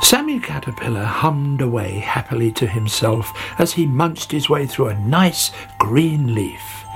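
A man reading a children's story aloud in a slow, expressive way. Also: medium pitch, gravelly, faint music behind.

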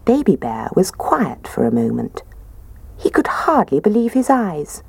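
Woman reading a bedtime story, low gravelly voice, slow and very expressive, dry close sound. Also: no echo. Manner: expressive, playful character voices.

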